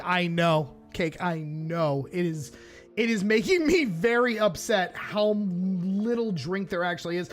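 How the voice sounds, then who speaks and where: Over soft background music, a man with a high, expressive voice streams live at an unhurried pace. He chats casually and playfully with his audience, reacting to videos and talking straight to his chat.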